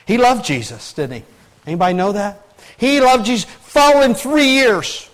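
High-voiced male pastor, folksy. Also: expressive, moderate pace. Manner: folksy, asks the congregation rhetorical questions. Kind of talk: conversational sermon.

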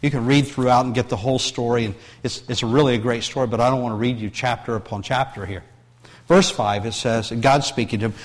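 A middle-aged male pastor preaching a sermon, often repeating words and restarting phrases, moving between hushed, tender passages and raised, emphatic scripture reading. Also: mid-range voice, brisk, big-room sound.

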